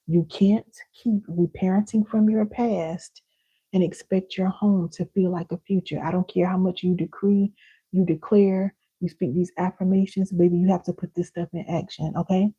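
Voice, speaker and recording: Woman teacher, deep and dark, husky, emphatic and direct with her audience; dull lo-fi recording. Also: steady tone, moderate pace. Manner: emphatic, repeats key lines, calls listeners baby and y'all. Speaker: parenting and healing teacher.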